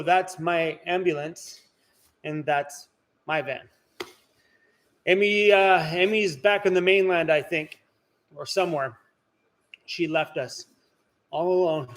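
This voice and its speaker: A man's voice: high-pitched, a bit bright. A man hosting a casual live stream from inside his workshop, chatting and answering viewer comments. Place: indoor workshop.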